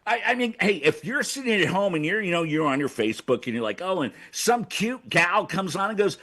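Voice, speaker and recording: An older man delivers a comic rant over a video call. His voice is high, bright and very lively. He stammers and keeps breaking into shouted characters. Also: fairly quick, few pauses. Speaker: segment host.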